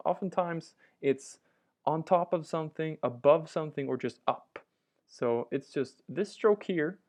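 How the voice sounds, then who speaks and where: A man with a creaky, medium-pitched voice teaches a language lesson as an instructional walkthrough. He patiently works through each example and repeats it.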